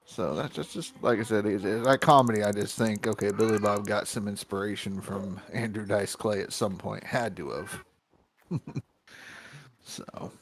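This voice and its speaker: A man's voice: lowish voice, normal speed, a little hiss or hum. A man chatting casually on a livestream, giving opinions on comedians and quoting crude rhymes. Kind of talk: casual chat.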